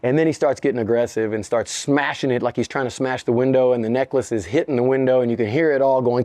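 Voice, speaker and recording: Here the middle-aged rapper speaks at a medium pitch, fast and mellow with few pauses, and there's no room sound. He's telling a lively story during an interview, swearing a lot, laughing, and performing the voices of others.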